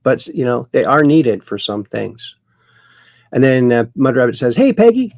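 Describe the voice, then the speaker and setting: Chatty, gravelly livestream host; a folksy man reading chat comments aloud, in a dry room. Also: mid-range voice, a little slow, dry recording. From Ireland.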